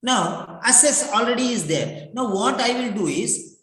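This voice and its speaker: A man's voice: very high voice, animated, unhurried, a bit bright. A man teaching English writing for exams in an emphatic, repetitive lecture full of rhetorical questions. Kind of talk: classroom-style lecture. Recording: echoey room.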